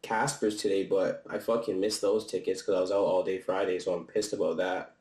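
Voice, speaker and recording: A man's voice: sits low, flat delivery, a little fast, a little mellow, reverberant, low-quality recording. A young man chatting casually and a bit breathlessly in a loose, slangy, profane vlog, laughing often. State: slightly out of breath. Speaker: vlogger reviewing a concert. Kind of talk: casual chat. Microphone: camera-mounted mic.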